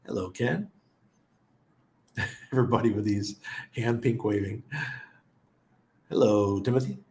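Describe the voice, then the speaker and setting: A man's voice: lowish voice, measured pace, a little mellow, reverberant. A middle-aged man hosting a casual livestream chat who laughs often and greets viewers by name. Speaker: livestream host.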